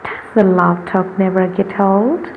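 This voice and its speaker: A woman's voice: medium pitch, fairly even intonation, unhurried, creaky, slight background noise. A woman voicing a tired, snide sister-in-law who teases, in a slightly muffled recording. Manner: snide, teasing.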